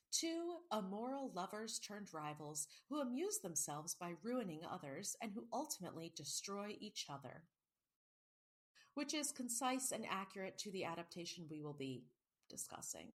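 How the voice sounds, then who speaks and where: Casual woman podcast host, chatty and self-mocking, mid-pitched voice. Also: very animated, normal speed. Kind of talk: casual chat.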